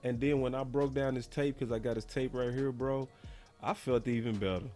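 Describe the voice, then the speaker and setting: A man's voice: mid-range voice, fairly even intonation, fairly quick, warm tone, faint music behind. A man hosting a casual sports talk stream, laid-back and slangy. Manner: laid-back, slangy, says bruh and dog a lot. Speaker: podcast host.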